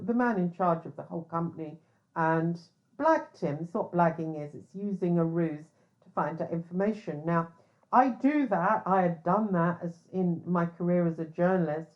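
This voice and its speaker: A woman from England, a private investigator talking in a chatty, sardonic monologue. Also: fairly low pitch. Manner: chatty, sardonic, animated storytelling. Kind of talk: casual monologue. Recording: slightly dull lo-fi audio.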